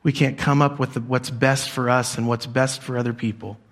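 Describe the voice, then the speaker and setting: A middle-aged man preaching a sermon to a congregation in a church, shifting between soft, low emphasis and louder, excited passages, and leading call-and-response. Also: moderate pace. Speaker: pastor.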